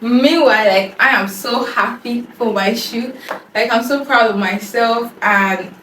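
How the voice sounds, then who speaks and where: A young adult woman vlogging in a casual, excited, slangy way about her year and unboxing gifts. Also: a little high, a little slow, a little hiss or hum. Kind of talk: casual vlog chat. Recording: echoey room from a distance.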